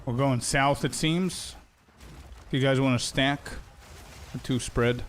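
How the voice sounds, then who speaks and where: A man streams a game and chats casually with his teammates, thinking aloud in an easygoing way. His voice sits at an ordinary middle pitch. A faint hiss runs under the recording. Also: slow pace. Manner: relaxed, thinking aloud while playing with teammates. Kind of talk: casual gameplay commentary.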